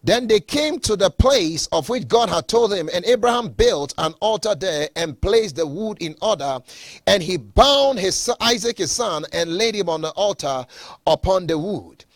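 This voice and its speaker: Man preaching a sermon, highish voice, repeats himself for emphasis, dry close sound. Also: animated, dry recording. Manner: reads scripture slowly, then preaches with emphatic repetition. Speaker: pastor.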